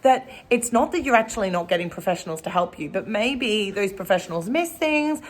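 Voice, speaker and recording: A woman's voice: mid-range voice, animated, a little fast. A woman, a horse trainer, talking casually and at length to a camera outdoors in a rambling vlog. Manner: chatty and rambling.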